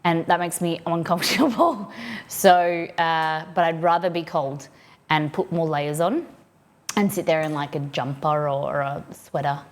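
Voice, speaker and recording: A woman's voice: sits low, measured pace. An Australian woman livestreaming from her home office, chatting casually and rambling as she reads out viewers' messages.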